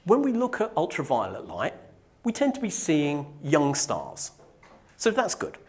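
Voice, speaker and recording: A Norfolk man, originally from Norfolk, England, delivers a technical conference talk to a live audience, joking and poking fun at himself. His voice sits on the high side, its pitch swooping wildly, while his pace stays measured.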